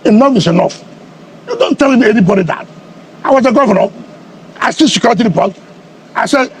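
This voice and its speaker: A middle-aged Nigerian politician with a notably high voice answers combatively in a heated media interview, hammering out rhetorical questions and repeating himself for emphasis. He speaks fairly quickly with lively intonation and frequent pauses, while faint noise hums underneath.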